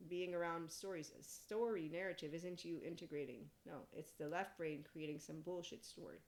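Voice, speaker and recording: A woman with a notably low speaking voice hosts a solo podcast. She rambles through a casual spiritual monologue, blunt and salty, laughing often between her thoughts. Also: normal speed. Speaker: podcast host.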